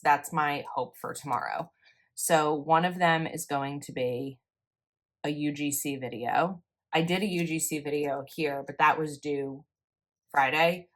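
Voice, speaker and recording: A young woman, chatting casually and rambling a little as she talks through her planner. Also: low-pitched. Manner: chatty, rambling, self-correcting. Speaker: planner vlogger. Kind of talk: casual voice-over while planning.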